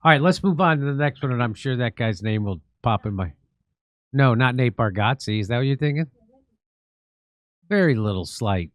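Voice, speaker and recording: A man's voice: mid-range voice, lively intonation, normal speed, pauses often, dry recording. A man hosting a comedy talk show, laughing often and stumbling over his words. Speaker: host.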